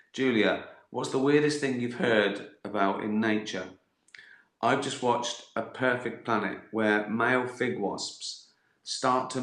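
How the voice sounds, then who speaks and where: Middle-aged man, West Country accent, bright voice, rambling and profane comedic storytelling, echoey room. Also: fairly low pitch. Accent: West Country English. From West Country, England. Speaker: host answering viewer questions. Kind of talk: casual livestream chat.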